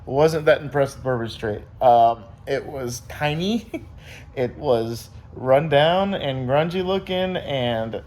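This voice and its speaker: A man's voice: mid-range voice, takes it slowly, darkish tone. A young man casually vlogging to his viewers, rambling through a story with many fillers. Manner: rambling, upbeat, lots of fillers and quoted voices.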